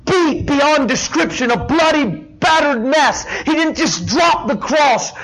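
Preaching slowly and expressively, a middle-aged pastor with a notably high-pitched voice moves between hushed, almost whispered lines and fervent shouting as he presses his message. The recording quality is poor.

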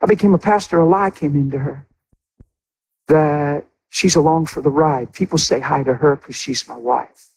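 A man's voice: fairly high pitch, normal speed, a little mellow, slight background noise, poor audio. A middle-aged man preaching a sermon as a pastor, telling a personal story with emotion and speaking straight to his congregation.

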